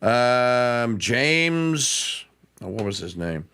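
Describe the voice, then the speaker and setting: A male talk radio host rambles through the news in a loose, self-correcting way. His voice sits at an ordinary pitch with a bright, forceful tone. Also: sing-song, very slow, clear, resonant tone. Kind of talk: casual live talk radio.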